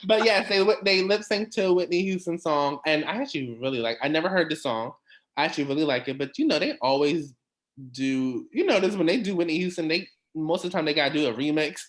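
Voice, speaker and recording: A man hosting a casual recap chat, talking in a chatty, animated way with quick asides and laughs. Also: fairly high pitch. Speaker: podcast host.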